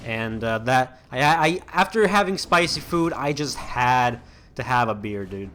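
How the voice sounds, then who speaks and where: A man's voice: medium pitch, expressive, unhurried, pushed and bright, a little hiss or hum. A young man hosting a let's-play, chatting casually as he plays, rambling with lots of restarts and fillers. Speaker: gaming channel host.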